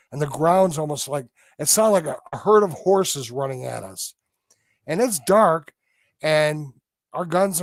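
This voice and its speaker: A man with a gravelly, fairly high voice tells a story as a podcast guest. He acts out the sounds himself and keeps it vivid. The sound is dry and close. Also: dry recording.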